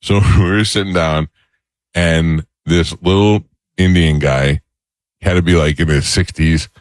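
Deep-voiced middle-aged talk radio host. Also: male voice, steady tone, unhurried, no room sound. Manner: rambling comic storytelling. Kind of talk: casual talk radio banter.

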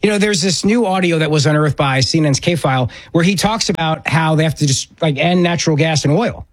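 A man hosts a political talk radio show, giving an opinionated monologue and repeating words emphatically when he presses a point. His voice is a little high and brisk, with no room sound.

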